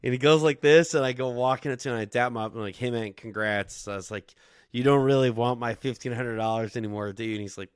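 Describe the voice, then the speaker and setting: A young man tells stories to a podcast mic, animated and quick to act out the people he quotes. He swears freely and keeps a casual tone. His voice sits in a middle register, recorded dry and close. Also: mid-range voice, clean tone, no room sound. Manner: animated, swearing, quoting others in dialogue. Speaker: podcast guest. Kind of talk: casual storytelling.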